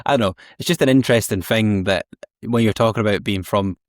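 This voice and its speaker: A Scottish man hosting a podcast, talking quickly in a slightly low voice. His delivery is chatty and full of fillers, and the sound is dry and close. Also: dry recording. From East Coast of Scotland. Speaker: podcast host. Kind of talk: casual podcast interview.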